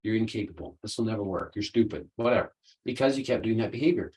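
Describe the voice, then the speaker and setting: A man's voice: lowish voice, fast talker, darkish tone, poor audio. A man hosting a solo podcast, explaining ideas in an earnest, conversational way. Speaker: podcast host, coach.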